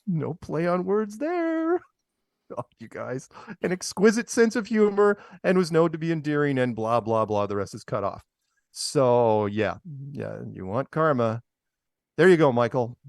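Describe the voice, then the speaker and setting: A man's voice: on the high side, sing-song, unhurried, gravelly, pauses often, no echo, studio quality. A man hosting a casual talk show, reading out news items and mocking them with sarcastic asides and chuckles. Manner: sarcastic, mocking, laughs at his own jokes. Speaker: podcast host. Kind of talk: casual chat show commentary.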